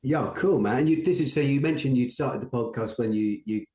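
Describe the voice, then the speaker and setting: A man's voice: mid-range voice, normal speed, warm tone, roomy sound. A man hosting an interview, mostly offering short agreements and stumbling into questions. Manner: affirming listener, stumbling questions. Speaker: guest host interviewer. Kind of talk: casual interview.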